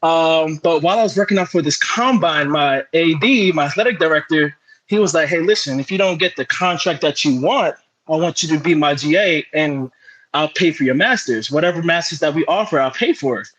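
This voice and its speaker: A young man, a sports broadcaster, chatting as an interview guest and telling animated stories with plenty of fillers and restarts. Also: on the high side, fairly quick, highs cut off. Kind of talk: casual interview chat.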